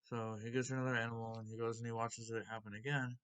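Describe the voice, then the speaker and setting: A man's voice: medium pitch, flat delivery, fast, a bit bright, clear, resonant tone. A man hosting a comic book video, casually retelling a story and unboxing comics in a loose, rambling way.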